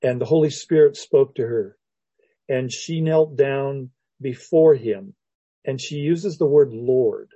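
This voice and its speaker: A male pastor preaching slowly, taking his time over each verse. His voice is very dark and mellow with a husky edge. The recording sounds dull and lo-fi. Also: mid-range voice, no room sound. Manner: unhurried and reflective, with frequent restarts and soft laughs. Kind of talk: sermon, teaching verse by verse.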